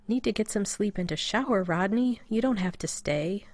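A woman voicing a gentle, soft-spoken male doctor at a bedside. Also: mid-range voice, moderate pace, no room sound, studio quality, lightly acted. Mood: soothing. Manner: gentle, quiet.

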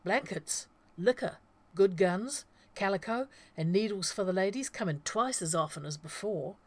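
A woman voicing a blustering small-town male bank teller in an audiobook, with a loud, high, drawling delivery. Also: expressive, moderate pace, lightly acted. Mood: boastful.

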